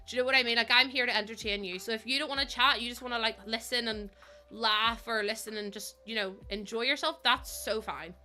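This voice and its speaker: Bright, chatty woman streaming. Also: fairly high pitch. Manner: chatty, giggly, addresses viewers as bestie. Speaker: game streamer. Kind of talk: casual live-stream chat.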